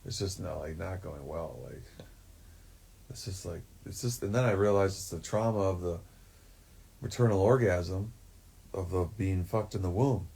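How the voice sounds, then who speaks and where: A man's voice: deep voice, normal speed, gravelly, pauses often, dark tone, slightly rough. A man talking in a rambling, profane way, full of fillers, in a livestream monologue. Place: forest shack.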